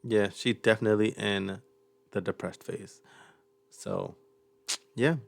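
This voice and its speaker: A low, heavily gravelly male voice, the fry running through nearly every phrase. He is a young host riffing loosely on a clip, cracking jokes and laughing between thoughts. The sound is close and dry, with no room around it. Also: animated, takes it slowly, dry recording. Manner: chuckles often, loose and joking. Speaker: reaction video host. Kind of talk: casual reaction commentary.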